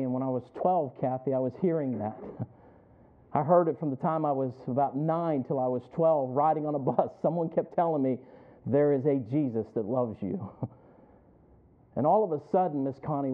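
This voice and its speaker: A male pastor preaching a sermon as a personal story, calling on listeners by name and building to loud emphatic peaks. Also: medium pitch. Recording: tinny phone-like audio.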